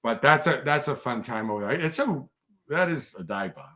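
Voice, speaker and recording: A man's voice: medium pitch, expressive, moderate pace, sharp tone. A man, a podcast guest telling stories in casual chat, rambling with many restarts. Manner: rambling, restarts often, bursts into laughter.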